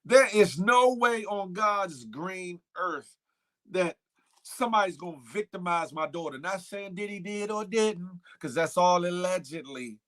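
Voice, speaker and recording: Male morning-show host, animated and emphatic, voice sits a bit high. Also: a little slow. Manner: animated, emphatic, shouts out viewers by name. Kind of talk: casual livestream commentary.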